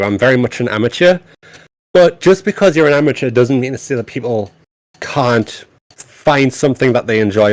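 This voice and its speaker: A man, a game developer and amateur voice actor, chatting casually on a stream, animated and self-deprecating, laughing often. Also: mid-range voice, no echo.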